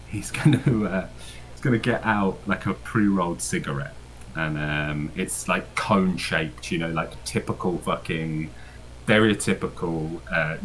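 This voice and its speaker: A man's voice: sits low, fairly bright tone, slight background noise, low-quality recording. A man narrating as game master in a tabletop game, rambling with many fillers and frequent laughs.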